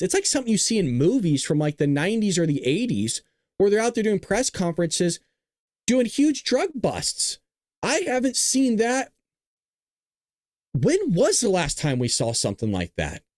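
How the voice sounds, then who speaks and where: A man hosting a political commentary show, casually rambling with crude, excitable remarks. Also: sits high, no echo, clean studio sound. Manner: excitable, crude, rambling, with self-amused laughs.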